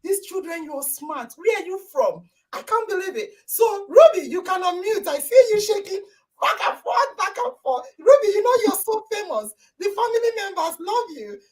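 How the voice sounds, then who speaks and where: A very high-pitched woman hosts a live online talk show over a video call. Her voice leaps up and down as she exclaims, cheers and praises her listeners loudly. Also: sing-song, normal speed. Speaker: podcast host.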